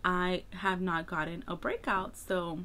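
A woman's voice: lowish voice, fairly even intonation, a little slow, pushed and bright. A woman makeup vlogger chatting casually while getting ready, rambling with lots of filler words. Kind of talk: casual get-ready-with-me chat.

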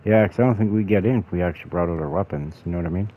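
A man's voice: deep voice, racing, mellow, low-quality recording. A man giving casual, joking gameplay commentary as a gaming YouTuber. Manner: laid-back, joking, hums along.

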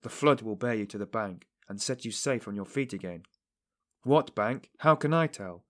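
A man's voice: on the low side, lively intonation, moderate pace, a bit bright. A man voicing an earnest middle-aged police investigator who pleads fervently with a suspect in an audiobook.

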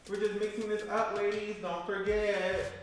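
A man's voice: sits high, level tone, normal speed. A man in a casual cooking vlog, talking playfully and directly to his viewers while he bakes. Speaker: baking vlogger. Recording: roomy echo, faint music.

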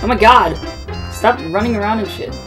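A woman's voice: medium pitch, fairly quick, low-quality recording. A teenage girl co-playing a game, distracted, swearing and muttering to herself. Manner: distracted, swears, mutters under her breath. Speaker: let's play co-player. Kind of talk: casual gaming chat. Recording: music playing in the background.

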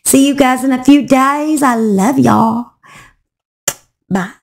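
A woman, hoarse and cracking, chatting to viewers as she tells a true crime story. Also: sits high, slow. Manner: chatty, talks straight to viewers.

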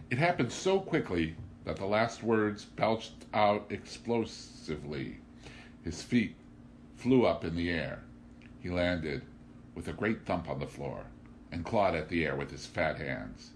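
Deep male voice, measured audiobook narration, faint hiss behind. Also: very animated. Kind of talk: audiobook reading of a classic novel.

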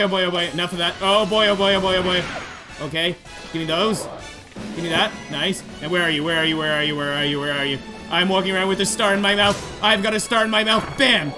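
Excitable high-voiced man over game music. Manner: excitable, talks to the boss and pleads with it. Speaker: gaming YouTuber. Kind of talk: let's play commentary.

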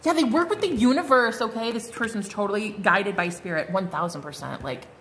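A woman's voice: mid-range voice, fairly quick, a bit bright, a little hiss or hum. A woman giving a casual tarot card reading, chatty and bubbly, full of fillers and exclamations. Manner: chatty, bubbly, lots of "like" and "oh my God".

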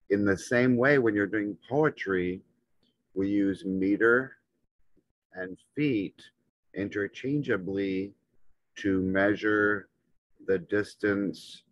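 A man teaching a lesson, walking through a chart in slow, halting, short phrases. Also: fairly low pitch, fairly bright tone, no echo. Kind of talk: instructional walkthrough. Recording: dull, muffled lo-fi audio.

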